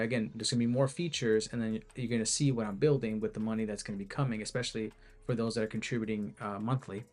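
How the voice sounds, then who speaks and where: A man who made an app, talking casually and rambling through a screen-share video, restarting sentences and filling gaps with "you know.". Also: mid-range voice. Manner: rambling, self-interrupting, many fillers. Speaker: app creator.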